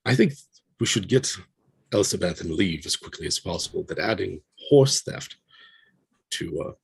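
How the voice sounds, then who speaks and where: A man playing in a tabletop role-playing game, talking things through haltingly, partly in character. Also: low-pitched, animated, creaky, breathy edge. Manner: halting, thinks aloud with restarts. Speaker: player. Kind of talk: casual tabletop role-play.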